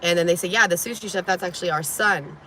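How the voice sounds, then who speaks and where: A woman in her thirties telling a story in a casual vlog, animated, laughing often, nervous and sweaty. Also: fairly low pitch, quick pace, very noisy. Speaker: vlogger.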